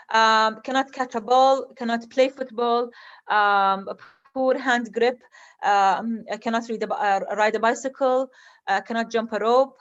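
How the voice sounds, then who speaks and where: A woman who is an eye doctor, lecturing in English with an Arabic accent, halting and earnest with many ums. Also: a little high, a bit bright, lo-fi sound.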